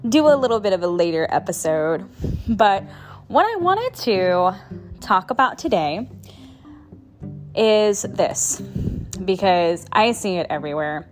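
Laughing, chatty woman podcast host. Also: medium pitch. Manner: chatty, laughs often, swears for emphasis. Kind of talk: casual motivational monologue.

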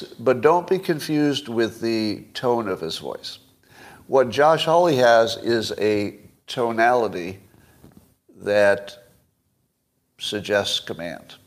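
Wry chuckling older man hosting. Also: mid-range voice. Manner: wry, chuckling, quizzes his audience. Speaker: podcast host. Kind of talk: casual solo commentary livestream.

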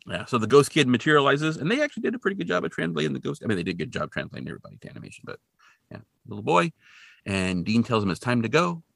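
Gravelly man recapping with animated delivery. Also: fairly low pitch, rapid-fire, no echo. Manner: animated storytelling, dry asides. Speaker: podcast co-host. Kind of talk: casual episode recap.

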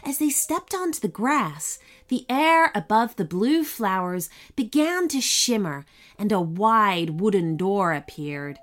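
Casting: woman storyteller for kids, lively pitch, slow and gentle delivery. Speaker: podcast host and storyteller. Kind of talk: bedtime story narration.

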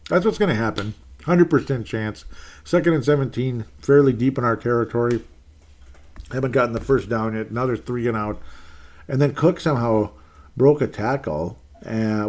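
A man giving a casual fan rant about his team, exasperated and sarcastic, swinging between loud outbursts and low muttering. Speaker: sports fan commentator.

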